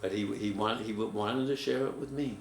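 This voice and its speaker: A man in his seventies, a writing teacher, telling a personal story in a reflective, halting way. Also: on the low side. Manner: reflective, halting, restarts mid-word. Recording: roomy echo, faint room noise.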